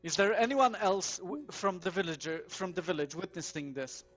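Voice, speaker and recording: High-voiced male player. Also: animated, normal speed, a bit bright, faint music behind. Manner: swears in frustration, placating in character. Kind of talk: casual tabletop play.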